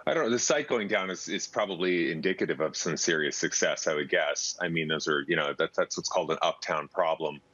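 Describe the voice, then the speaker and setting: A man's voice: low voice, fairly quick, hardly any pauses, pushed and bright, no room sound, muffled recording. A man giving an easygoing, quippy interview answer with some hesitations. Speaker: interview guest.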